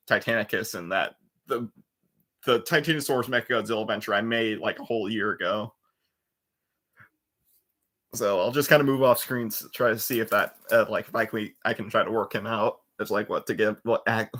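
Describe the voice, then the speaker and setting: A man's voice: lowish voice, fairly quick, bright, forceful tone. A man in his twenties hosting a livestream, chatting casually and rambling, with lots of restarts into a computer mic. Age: 20s. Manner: rambling, with restarts and trailing fillers. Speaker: livestream host. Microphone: computer webcam mic.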